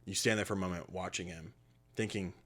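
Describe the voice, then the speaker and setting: A man narrating as game master in a tabletop game, rambling and animated, with lots of fillers. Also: low voice, fast talker.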